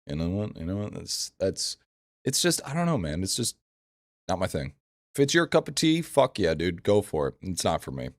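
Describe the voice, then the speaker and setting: Male game streamer, lowish voice, blunt and foul-mouthed, loops his phrases, dry close sound. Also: sing-song, normal speed, no room sound. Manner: blunt, profane, repeats phrases. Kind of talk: casual live-stream chat answering viewers.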